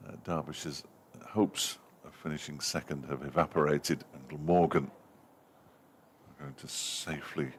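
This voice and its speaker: A man's voice: extremely low pitch, steady tone, moderate pace, slight background noise. A man giving live ball-by-ball cricket commentary from a commentary box, lifting his voice to call the runs.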